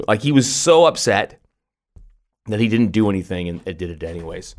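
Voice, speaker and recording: A middle-aged man co-hosting a podcast, telling stories in an animated way with lots of restarts and laughs. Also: mid-range voice, fairly quick. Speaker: podcast co-host. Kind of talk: casual chat.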